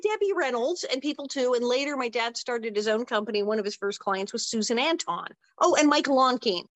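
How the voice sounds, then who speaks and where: A woman in her sixties, an interview guest, telling stories in an animated, casual way with quick asides. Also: fairly high pitch, dry recording. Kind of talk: casual storytelling.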